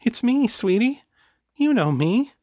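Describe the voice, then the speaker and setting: A man voicing a frightened young succubus woman in an audiobook, her voice shaking as she pleads softly. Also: low voice, very animated, very slow, no echo, studio quality, pitched above the performer's own voice, exaggerated voice. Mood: coaxing. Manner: shaky, soft, pleading.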